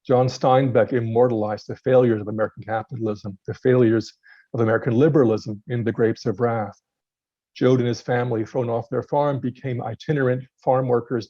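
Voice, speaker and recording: A man giving a sermon-style lecture at a worship service, measured and deliberate, with some passages read aloud. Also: mid-range voice, mellow, no echo, muffled recording. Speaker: guest speaker.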